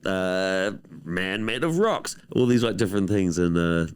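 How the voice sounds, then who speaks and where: Deep, lively New Zealand man. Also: unhurried, smooth. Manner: relaxed, rambling, deadpan joking. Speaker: film director. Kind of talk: casual interview chat.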